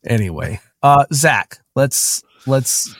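A man's voice: medium pitch, animated, slow pace, dry recording, studio quality. A man hosting a podcast interview, with a weak voice from a lingering cough, speaking hesitantly with many fillers. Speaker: podcast host.

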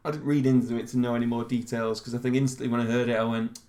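A man's voice: mid-range voice, flat delivery, racing, a little mellow. A man co-hosting a podcast, trading crude, jokey banter. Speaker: podcast co-host. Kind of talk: casual chat.

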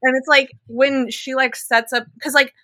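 A woman's voice: sits high, little pitch movement, normal speed, pushed and bright, no echo. A young woman in casual chat about a book series, gushing and acting out quotes with lots of fillers. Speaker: book club co-host.

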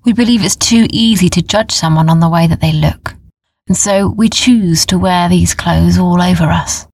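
A woman voicing a cloth-wrapped desert trader who explains things in a calm, kindly way. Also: lowish voice, moderate pace, gravelly, husky, dry recording. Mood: kindly explaining.

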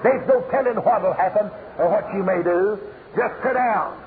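A male evangelist from Tennessee with a Southern accent, preaching a revival sermon as a storyteller whose voice rises to shouts. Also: high voice, normal speed. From Tennessee, USA. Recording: muffled phone-like old tape in a reverberant hall, faint hiss.

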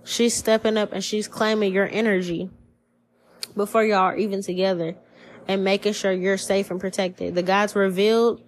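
A woman talking straight to her listeners in a casual reading, full of slang and swearing. She speaks at a middling pitch and acts out little voices and quotes as she goes. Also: normal speed, poor audio. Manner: profane, slangy, animated storytelling with put-on quoted voices. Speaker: tarot reader. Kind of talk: casual spiritual reading podcast.

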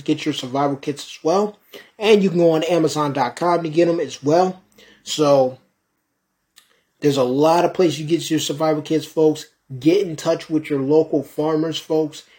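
A young man hosting a solo podcast, talking fast and heatedly, swearing and repeating "folks" as he rants. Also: a little high, darkish tone. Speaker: podcast host.

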